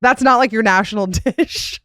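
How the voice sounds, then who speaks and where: A woman's voice: on the high side, moderate pace, fairly bright tone, no echo, studio quality. A young adult woman hosting a podcast in casual chat, rambling and laughing with plenty of fillers. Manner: chatty, rambling, lots of "like" and laughs. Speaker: podcast host.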